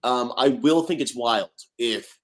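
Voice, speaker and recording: A man co-hosting a casual podcast chat, animated and quick to restart his sentences. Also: mid-range voice, noisy background. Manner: animated, repeats words and restarts often. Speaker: podcast co-host.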